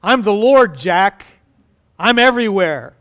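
A man voicing God in a joke story, speaking calmly and patiently from above. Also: high voice, a little slow. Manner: calm, reassuring.

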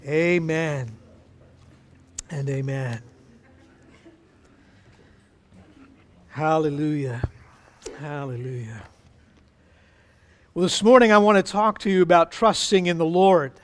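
A man's voice: high-pitched, steady tone, normal speed, fairly bright tone, smooth. A man pastor leading prayer and preaching a sermon in an emphatic, fervent way.

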